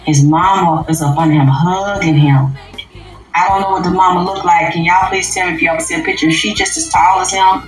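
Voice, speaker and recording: A woman hosting an unscripted livestream rant, profane and emphatic, dropping to low mutters and jumping up to loud outbursts. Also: fairly even intonation, moderate pace, echoey room, soft background music, rough recording. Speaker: livestream host.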